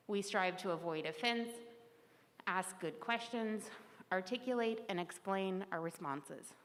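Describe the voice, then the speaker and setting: A woman from the congregation reading a community statement aloud, earnest and steady. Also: medium pitch. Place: church hall. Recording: long echoing hall reverb.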